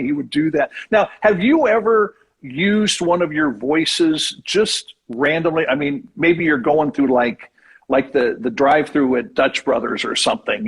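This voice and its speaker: A male radio host with a high, husky voice interviews a guest. He is chummy and effusive, piling on praise between questions. The tone stays casual throughout.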